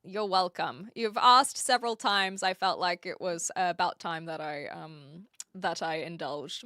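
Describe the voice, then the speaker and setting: A woman's voice: mid-range voice, lively intonation, unhurried, sharp tone, no room sound, clean studio sound. A woman from New Zealand with a mixed New Zealand, Australian and British accent, live streaming from an attic in a casual, giggly way as she reads viewers' chat aloud.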